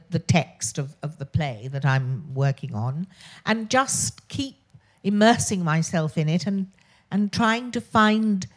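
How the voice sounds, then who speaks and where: Posh-voiced older Englishwoman, blunt and candid. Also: mid-range voice. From England. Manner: frank, blunt, swears freely, laughs between phrases. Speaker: guest. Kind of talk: candid talk show chat.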